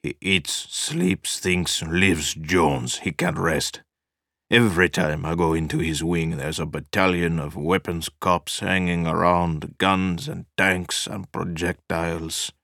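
Guy doing a tired cynical official, deep flat slow voice, dry mic. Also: dry recording, heavily acted. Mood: weary. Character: weary, cynical man official.

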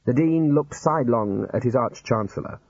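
A man narrating an audiobook in a dry, measured way. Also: mid-range voice, a little mellow, breathy edge, no room sound. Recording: dull lo-fi recording.

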